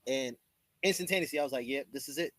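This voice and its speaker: A man's voice: mid-range voice, quick pace, fairly bright tone, no echo, low-quality recording. A man hosting a live talk show, telling stories casually in street slang and acting out the voices of people he quotes. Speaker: host. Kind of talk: casual storytelling chat.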